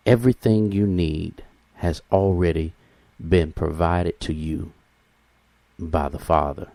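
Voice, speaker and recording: A man hosts a motivational talk, thinking aloud. His voice sits low and unhurried, and he pauses often as he searches for his words. The sound is close and dry, with no room around it. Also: fairly even intonation, warm tone, dry recording. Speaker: podcast host.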